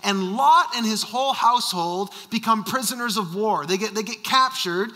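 A man preaching in a high, very bright voice, pressing each point with rhetorical questions. His words ring out with a long reverb, as in a large church hall. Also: normal speed. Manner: emphatic, repeats rhetorical questions. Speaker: senior pastor. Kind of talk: sermon.

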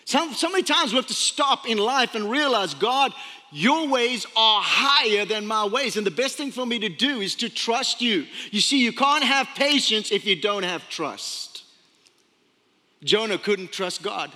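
High, bright-voiced preacher in a hall. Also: male voice, a little slow. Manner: animated storytelling, acts out voices. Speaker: pastor. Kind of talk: sermon. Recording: long hall reverb.

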